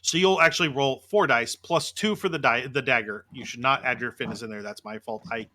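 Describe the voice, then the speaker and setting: A man's voice: mid-range voice, fairly quick, sharp tone. Upbeat male game master. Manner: explains rules, then narrates the action vividly. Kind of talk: narrating a tabletop game.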